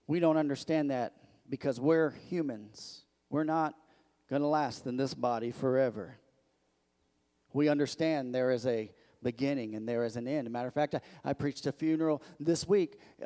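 A man preaching a sermon as pastor, emphatic and repetitive, building to loud declarations. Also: fairly high pitch. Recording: echoey hall.

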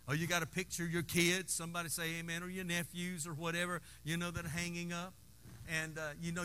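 Bright, high-voiced preacher man. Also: a little hiss or hum. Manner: folksy, call-and-response preaching with playful asides. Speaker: pastor. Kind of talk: sermon.

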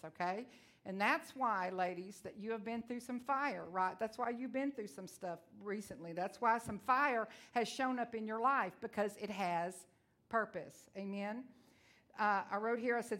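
A woman's voice: mid-range voice, moderate pace, a bit bright. Woman preaching with storytelling flair. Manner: storytelling, acting out her own dialogue. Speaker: women's ministry speaker. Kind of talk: sermon.

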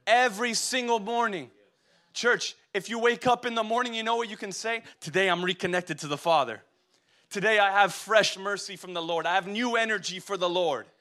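A young man preaches with a high, bright voice. He exhorts the congregation and throws call-and-response questions at them. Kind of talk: sermon.

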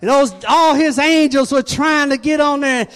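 High-voiced man preaching in echoing hall. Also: normal speed. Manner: fervent preaching with dramatic swings in loudness. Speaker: church elder. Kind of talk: sermon. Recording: long reverb of a large hall.

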